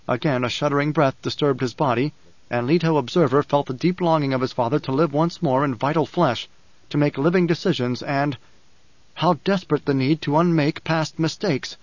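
A man narrating an audiobook in a measured, even storytelling manner. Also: fairly high pitch, dry recording. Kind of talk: scripted narration. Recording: dry, slightly dull studio recording.

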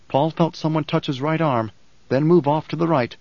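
A man reading an audiobook in a measured, steady narration. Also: on the high side, no echo. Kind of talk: scripted narration. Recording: dull, dry audiobook recording.

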